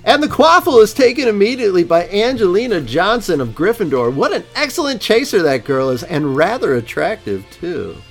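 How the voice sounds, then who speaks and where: A man putting on a fake announcer voice to play an excitable young male school sports announcer calling a match play by play. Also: sits high, soft background music, voice pushed up. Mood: excited. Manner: rapid play-by-play calling, shouting at big moments.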